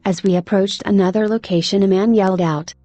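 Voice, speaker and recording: A woman narrates a religious testimony with earnest exhortation, her tone mellow and warm. Soft music plays faintly behind her. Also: medium pitch, steady tone, brisk, no echo.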